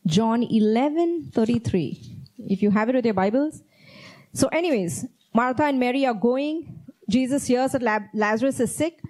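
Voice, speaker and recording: A woman's voice: a little high, normal speed, mellow, rough recording. A woman preaching a sermon, reading Bible verses aloud and repeating key phrases with earnest emphasis. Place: church.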